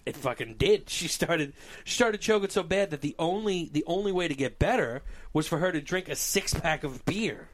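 A man hosting a casual podcast, telling animated stories and laughing often. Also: a little high, normal speed. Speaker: podcast host. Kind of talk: casual storytelling chat.

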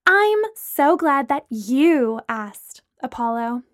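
A woman's voice: sits high, very animated, takes it slowly, heavily acted. A woman reading a story voices a scheming young hostess who talks with sweet, mischievous emphasis. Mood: sly cheer. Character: scheming, theatrical young woman hosting friends.

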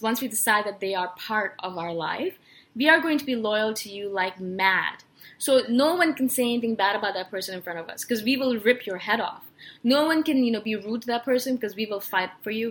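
A young woman with a slightly high voice talks casually and earnestly to her listeners. She tells a personal story in an animated way, with many fillers and restarts along the way. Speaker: personality podcast host.

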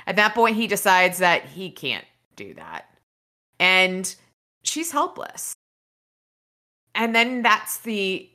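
A woman's voice: medium pitch, big pitch swings, slow, pauses often, bright, forceful tone. A woman podcast host casually retelling a novel's chapters, rambling with fillers and restarts. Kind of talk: casual book recap.

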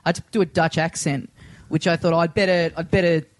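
A man's voice: fairly high pitch, little pitch movement, fairly quick, no echo. A man hosting a podcast, telling jokey, self-deprecating stories. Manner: jokey, self-deprecating storyteller, laughs a lot. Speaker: podcast host. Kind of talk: casual podcast chat.

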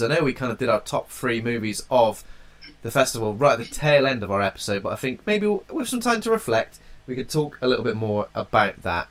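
Man, English, has a cold, podcast co-host, casual and jokey, middle pitch. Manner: chatty, jokey, loose with wording.

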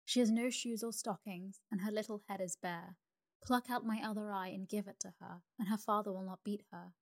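Woman voicing a kind, sorrowful prince statue in a bedtime storybook, tender and calm, soft even tone. the figure is a grieving statue with a generous heart, read slowly by a woman narrator. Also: mid-range voice, natural voice.

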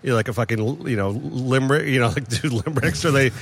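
A man chatting casually in a bar, animated and opinionated, swearing now and then. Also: medium pitch, fast talker, slight background noise. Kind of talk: casual chat.

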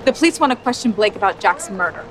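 A woman's voice: medium pitch, expressive, quick pace, slight background noise, lightly acted, rough recording. An actress playing a determined mother who firmly pressures a teenage boy. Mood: stern. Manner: firm and pointed.

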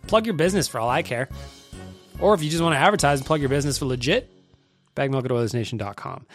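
A man of middling pitch hosts a podcast in a loose, confessional chat, cursing casually. His voice sits close and dry, with no room sound around it. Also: quick pace, no echo, soft background music. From Canada. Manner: candid, profane, confessional. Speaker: podcast host.

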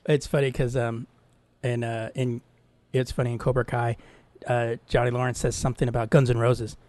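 A man's voice: medium pitch, flat delivery, moderate pace, darkish tone, dry recording. A man co-hosting a podcast who laughs often and stumbles over his words while telling stories. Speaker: podcast co-host. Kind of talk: casual chat.

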